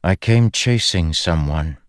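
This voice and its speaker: A guarded woman warrior with a calm, understated voice, read by a deep-voiced man. She answers plainly and gives little away. The recording is dry and close. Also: slow pace, no room sound.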